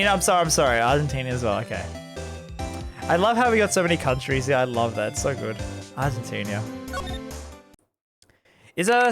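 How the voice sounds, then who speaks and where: Laughing, rambling male streamer. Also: fairly high pitch. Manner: rambling, laughing, talks to chat. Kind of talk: live game stream commentary. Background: game music.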